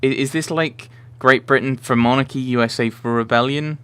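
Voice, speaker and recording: A man's voice: mid-range voice, steady tone, normal speed, sharp tone, clear, resonant tone. A man hosting a let's play, thinking aloud casually with rambling asides. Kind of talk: casual gameplay commentary.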